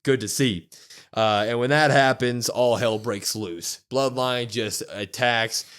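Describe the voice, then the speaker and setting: A man co-hosting a podcast, excitedly retelling a show and acting out the quotes. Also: medium pitch, takes it slowly, clear, resonant tone. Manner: animated storytelling, acts out quotes with loud whoops. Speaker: wrestling podcast co-host. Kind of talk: excited casual recap.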